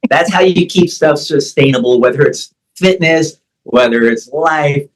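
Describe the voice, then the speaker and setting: A middle-aged man with a fairly high-pitched voice speaks as a guest in a relaxed interview. He is a personal trainer who talks animatedly and slips into the voices he uses to coach people. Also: a little slow, poor audio. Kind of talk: conversational interview. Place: Thailand.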